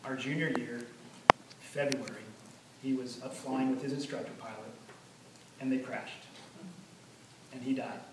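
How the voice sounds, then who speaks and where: A man giving an earnest memorial speech about his late father, telling stories with many pauses. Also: medium pitch. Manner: earnest, storytelling, pauses often. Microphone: far from the recording mic. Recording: echoey hall from far off, noisy.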